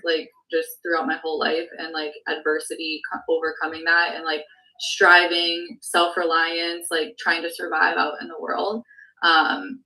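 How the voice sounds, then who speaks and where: A woman's voice: fairly low pitch, bright, forceful tone, recorded from a distance, poor audio. A woman sales producer sharing her story on a team call, earnest, full of "like" and "um", close to tears at times. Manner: heavy use of "like" and "um", earnest and emotional. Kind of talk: candid testimony on a team call.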